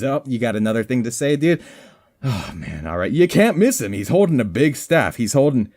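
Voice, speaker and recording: A man's voice: medium pitch, very animated, fairly quick, darkish tone. A young man giving rambling, joking commentary over his gameplay in a mock-formal, goofy way. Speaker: gaming commentator.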